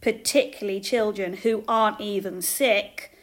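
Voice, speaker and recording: A woman's voice: medium pitch, steady tone, moderate pace, close to an everyday voice. A woman voicing a snide, sniffy man, a third of Jesus' friends, in a storybook reading.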